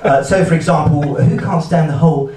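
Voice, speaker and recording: A man doing a stand-up set at a live gig, talking in a hesitant, halting way with many fillers and restarts. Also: on the high side, dark tone. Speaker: stand-up comedian. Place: comedy venue, heard from the hall with a laughing audience. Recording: echoey hall, distant mic, audience laughter.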